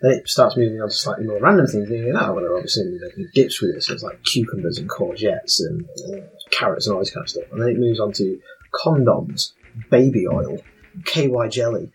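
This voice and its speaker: A man telling an anecdote in casual chat as an animated storyteller. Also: fairly low pitch, brisk, a little hiss or hum, rough recording.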